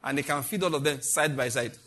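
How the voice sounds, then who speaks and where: A man preaching a prayer sermon, slowing down to recite scripture and rising to loud, high exhortation. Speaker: pastor. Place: church service, streamed.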